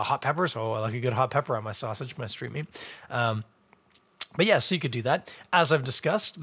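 A man's voice: mid-range voice, a bit bright. A man reviewing beer in a casual livestream chat, rambling and chatty with joking asides.

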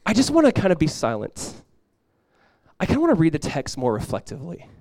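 Fast-talking male pastor, higher voice. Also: huge pitch swings, no room sound, clean studio sound. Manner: conversational, acts out prayers in a hushed voice. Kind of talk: sermon.

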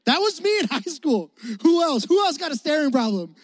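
A young male preacher from the Chicago area with a high voice, telling a story in an animated, joking way and talking straight to his audience. The recording is close and dry. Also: a little fast, no room sound. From Chicago area, United States. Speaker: youth preacher. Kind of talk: storytelling sermon.

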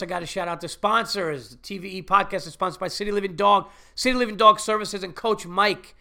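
A man's voice: high voice, normal speed, vocal fry, sharp tone. A man with a cold hosting his own podcast, talking in a rambling, profane, chatty way. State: sick with a cold. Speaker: podcast host and comedian. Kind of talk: casual solo podcast monologue.

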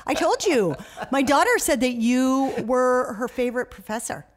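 A woman co-hosting a podcast in casual chat, sympathetic and teasing, with quick exclamations. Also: sits high, expressive. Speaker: podcast co-host.

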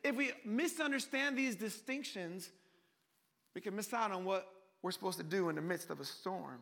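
A man preaching a sermon in an animated, joking way, calling his listeners family and swinging between hushed and loud delivery. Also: sits high, moderate pace, gravelly.

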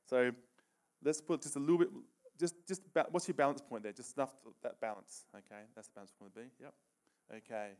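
A middle-aged man preaches in a relaxed, conversational way, often pausing to ask "okay?" and laughing between points. He leads a live demonstration with a volunteer. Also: mid-range voice.

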